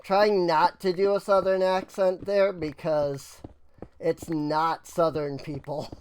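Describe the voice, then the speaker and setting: American gamer ranting along slowly, mild swears everywhere, faint hiss behind. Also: mid-range voice, level tone. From United States. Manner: ranting, self-mocking, peppered with mild swears. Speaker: gaming streamer. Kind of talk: casual rambling commentary.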